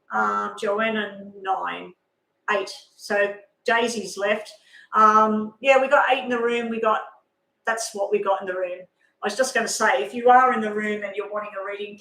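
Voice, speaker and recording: A middle-aged woman, rambling casually on a live stream as a tarot reader and telling a long story with animated asides. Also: fairly high pitch. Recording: echoey room.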